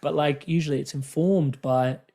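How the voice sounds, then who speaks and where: A man's voice: fairly high pitch, fairly even intonation, normal speed, gravelly, warm tone. Reflective, affirming male podcast host. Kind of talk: conversational interview. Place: Melbourne.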